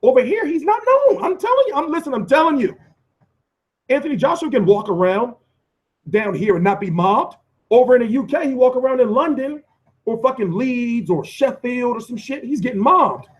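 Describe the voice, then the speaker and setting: An American man hosting a live boxing stream, answering viewer comments in a profane, animated rant with lots of restarts and repeats. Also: very high-pitched, normal speed. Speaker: boxing commentator and channel host.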